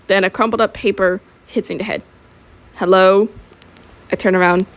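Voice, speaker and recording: A woman's voice: medium pitch, steady tone, fast, highs cut off. A teenage girl reading her own story aloud in a casual, offhand way, giggling at her own jokes. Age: teens. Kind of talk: casual amateur audiobook reading.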